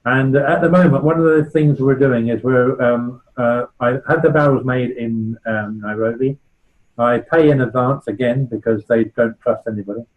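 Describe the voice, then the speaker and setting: A medium-pitched man speaks at a moderate pace on a low-quality recording. In his sixties and from England's West Country, this charity founder gives a club a chatty, anecdotal informal talk, checking in with "right?".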